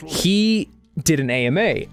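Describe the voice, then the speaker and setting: Rambling, halting man from Australia. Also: on the high side, lively intonation, music in the background. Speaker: co-host. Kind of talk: casual chat.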